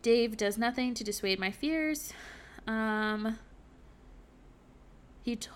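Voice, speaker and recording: Young woman reading her old journal. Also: a little high. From Virginia. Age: 20s. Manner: candid, halting, many fillers. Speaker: podcast host. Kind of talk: reading journal entries aloud.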